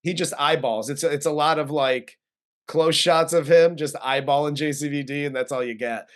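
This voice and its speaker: A man co-hosts a casual movie review, recapping the plot in a loose, chatty way with frequent laughs. His voice sits a bit on the high side. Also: fairly even intonation, normal speed. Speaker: co-host film reviewer.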